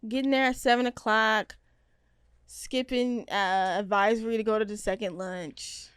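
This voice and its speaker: A young woman hosting a podcast, chatting casually and joking, jumping between loud bursts and hushed asides. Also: medium pitch, steady tone, normal speed, clear, resonant tone, no echo, studio quality. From Seattle area. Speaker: podcast host. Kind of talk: casual chat.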